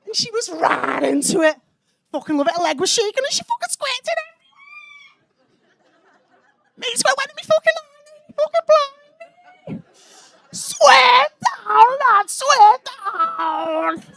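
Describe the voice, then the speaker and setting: A woman voicing a crude, boastful teenage schoolboy, loud and swaggering. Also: extremely high pitch, very animated, takes it slowly, creaky, pauses often, pitched above the performer's own voice, exaggerated voice. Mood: cocky bragging. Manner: shouty, swaggering, swearing.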